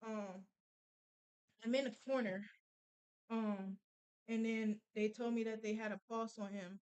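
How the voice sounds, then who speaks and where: Young woman telling a painful story, clear voice. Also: on the high side, fairly even intonation, a little mellow, rough recording. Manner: emotional, halting, many fillers and restarts. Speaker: podcast guest telling a personal story. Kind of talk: casual storytelling.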